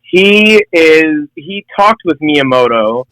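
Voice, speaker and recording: A man's voice: on the high side, expressive, takes it slowly, a bit bright, no echo, poor audio. A young man co-hosting a podcast in casual chat, jokey and full of filler words. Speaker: podcast co-host.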